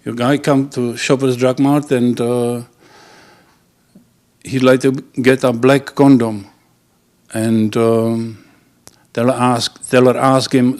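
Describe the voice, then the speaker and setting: Slow-talking man telling jokes. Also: mid-range voice, little pitch movement, a little mellow. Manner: halting, with many fillers and restarts. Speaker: joke teller. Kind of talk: casual joke telling.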